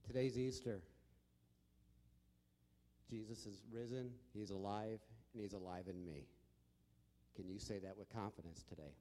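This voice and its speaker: A man from the American Midwest giving a personal testimony in an earnest, measured way. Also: on the low side, mellow. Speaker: guest sharing testimony. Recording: echoey hall with long reverb.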